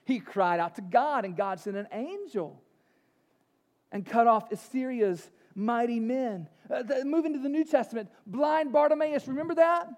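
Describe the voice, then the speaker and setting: High-voiced preacher in a reverberant hall. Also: male voice, normal speed. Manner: animated preaching, swings from loud exclamations to near whispers. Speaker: pastor. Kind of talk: sermon.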